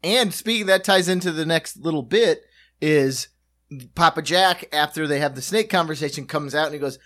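Jokey man with quick asides. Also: fairly high pitch, fairly bright tone. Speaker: podcast co-host. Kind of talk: casual chat recapping a sitcom episode.

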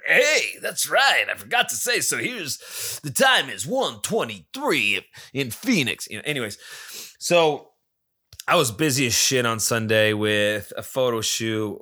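A man's voice: mid-range voice, sharp tone. A man with a non-native English accent hosting a casual solo podcast, rambling and swearing with many restarts. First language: not English. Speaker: podcast host.

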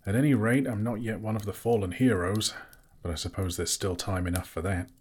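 A man's voice: on the low side, steady tone, fairly quick, darkish tone, husky. A man voicing a bruised, wry male hobbit who is shaken after a battle. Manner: wry, self-mocking.

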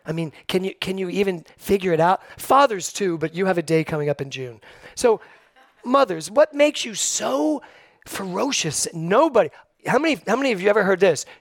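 Animated storytelling man preaching. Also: high voice, no room sound, studio quality. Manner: storytelling, animated, acts out quoted voices. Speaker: minister. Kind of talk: Sunday sermon with personal stories. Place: church sanctuary.

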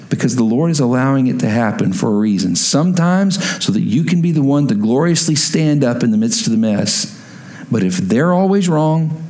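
A male pastor preaching a sermon, building from a calm teaching tone to loud, emphatic peaks. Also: medium pitch, echoey room, low-quality recording.

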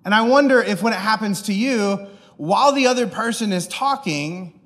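A man preaching a sermon through an animated, self-deprecating personal story, acting out the people in it. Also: sits high, normal speed, big-room sound.

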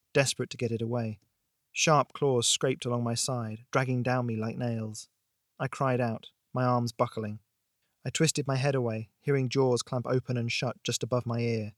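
A man hosting a fiction podcast, reading a tense horror story aloud in a dramatic, measured way. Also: mid-range voice, dry recording, clean studio sound. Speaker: podcast host and narrator. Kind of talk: scripted audiobook narration.

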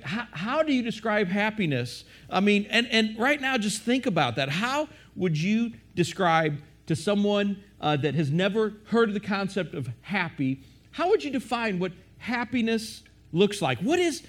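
Man, high-pitched voice, sermon, questioning the audience, repetitive restarts. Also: big pitch swings, unhurried, a bit bright.

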